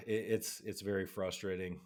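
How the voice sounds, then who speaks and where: A middle-aged man co-hosting a podcast, ranting in an animated way and slipping into mock voices. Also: deep voice, measured pace. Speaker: podcast co-host. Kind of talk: casual podcast chat.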